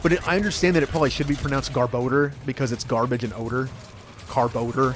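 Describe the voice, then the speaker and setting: A man streaming a video game, chatting casually and excitably, yelping and laughing as he plays. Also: medium pitch, rapid-fire, a little hiss or hum. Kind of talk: casual gameplay commentary.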